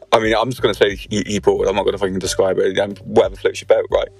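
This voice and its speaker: A man's voice: low voice, little pitch movement, fast talker, vocal fry, husky, soft background music. A young man hosting a podcast, telling a rowdy story with constant swearing and laughter. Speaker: podcast host. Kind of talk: casual storytelling chat.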